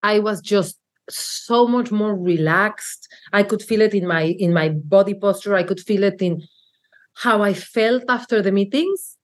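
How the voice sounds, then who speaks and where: A woman in her forties speaks with a Mexican Spanish accent in a candid interview. She is earnest and reflective, starts sentences over and fills gaps with "like" and "uh." Her pitch sits in a middling range for a woman. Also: a little slow. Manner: earnest, reflective, with frequent fillers and restarts. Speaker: marketing executive guest.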